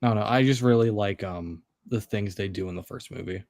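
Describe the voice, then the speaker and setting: A man's voice: fairly low pitch, fairly quick, darkish tone, dry recording, clean studio sound. A man co-hosting a stream, talking casually and rambling with laughs. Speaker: stream co-host. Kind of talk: casual chat.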